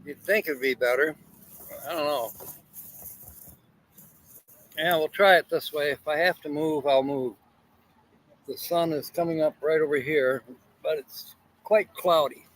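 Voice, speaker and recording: A man's voice: a little high, a little slow, long pauses, a bit bright, poor audio. A man hosting a casual livestream, rambling and greeting viewers by name, at times talking while eating. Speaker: livestream host. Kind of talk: casual live chat.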